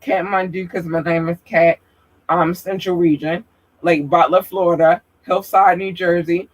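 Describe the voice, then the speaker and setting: A woman hosting a podcast, reading out a long list of listener towns slowly and apologizing for possible mispronunciations. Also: fairly low pitch, steady tone. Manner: slow, careful, apologetic about pronunciation. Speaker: podcast host.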